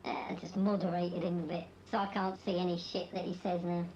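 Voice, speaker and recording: A woman's voice: lowish voice, level tone, brisk, a little mellow, lo-fi sound. A woman streaming a game, chatting to viewers in a blunt, sweary, dismissive way; her voice is off from its usual sound. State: voice not at its normal sound. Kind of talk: live-stream chat while gaming.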